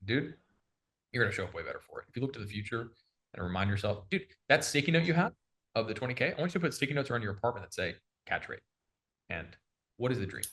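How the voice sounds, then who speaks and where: A young man coaching on sales in an energetic, slangy casual chat, calling the listener bro. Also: medium pitch, fast.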